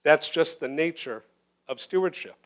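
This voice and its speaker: A man's voice: on the high side, animated, normal speed. A middle-aged man, a pastor, preaching an earnest, personal sermon in a church, holding back emotion as he builds his points. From United States. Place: church sanctuary.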